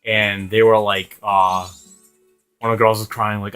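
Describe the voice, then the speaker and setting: A man's voice: lowish voice, little pitch movement, unhurried, a bit bright, clean tone, faint music behind. Rambling, profane young man telling stories. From Rhode Island, USA. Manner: rambling, profane, laughs often. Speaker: gaming channel host. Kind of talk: casual storytelling over gameplay.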